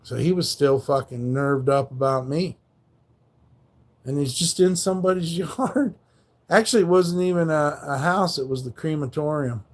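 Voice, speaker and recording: A man's voice: on the high side, normal speed. A man hosting a livestream, telling a rambling, profane story in casual slangy speech. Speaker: livestream host.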